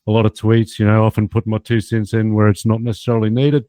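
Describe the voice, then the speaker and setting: A man's voice: on the low side, flat delivery, quick pace, dark tone, no echo. A man with an Australian accent chatting casually on a panel, upbeat and self-deprecating. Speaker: podcast panelist. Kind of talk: casual chat.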